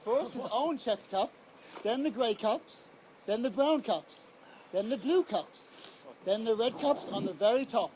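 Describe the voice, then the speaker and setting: A young man reading a picture book aloud to children, acting out the characters with lively storytelling. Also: very high voice, a little slow, a little hiss or hum. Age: young adult. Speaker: guest reader at a children's event.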